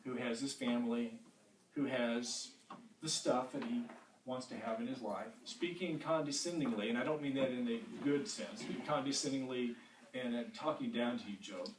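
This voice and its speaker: A man's voice: medium pitch, normal speed, a little hiss or hum. A man teaching a Bible study in a church room in a conversational way, often repeating words as he restarts, recorded from a distance in an echoey room.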